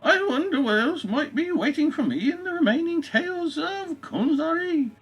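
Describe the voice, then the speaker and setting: A man voicing a haughty old English woman reading her private notes aloud in a high wavering falsetto. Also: expressive, normal speed, lo-fi sound.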